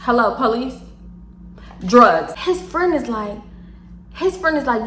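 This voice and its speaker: Young tipsy Houston woman, animated storyteller, a little high-pitched, echoey room. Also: takes it slowly, long pauses, a little hiss or hum. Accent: Southern US, Houston. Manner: animated, laughs often, swears freely, acts out quotes. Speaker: storytime vlogger. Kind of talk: casual storytelling.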